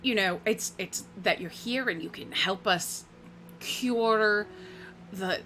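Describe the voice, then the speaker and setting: A woman's voice: mid-range voice, takes it slowly, pushed and bright, slight background noise. A woman voicing an older, scarred orc woman who leads weary healers, speaking formally and hesitantly.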